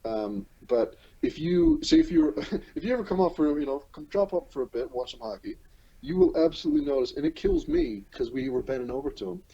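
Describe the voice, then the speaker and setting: A man's voice: fairly high pitch, wildly swooping pitch, fairly quick, creaky, mellow, husky. A tired man from Canada, talking bluntly and profanely as a podcast guest over the phone. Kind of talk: casual ranting chat. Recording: muffled phone line.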